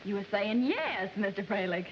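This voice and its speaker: Actress playing a vain Southern diva singer, scheming and haughty; 1940s film style, lo-fi with hiss. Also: female voice, medium pitch, big pitch swings, moderate pace, close to an everyday voice. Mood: wheedling. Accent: American Southern. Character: vain spoiled female singer, demanding and sly. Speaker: recording singer. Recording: dull old film soundtrack with hiss.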